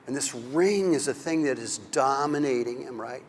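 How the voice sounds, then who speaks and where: A man's voice: medium pitch, moderate pace, few pauses, slightly rough. Man lecturing emphatically in a hall. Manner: animated, emphatic storytelling. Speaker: conference lecturer on preaching. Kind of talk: conference lecture.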